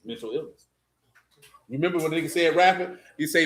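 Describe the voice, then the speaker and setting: A middle-aged man preaching in loose talk, joking and mocking with loud bursts. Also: a little high, fast talker. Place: church meeting room.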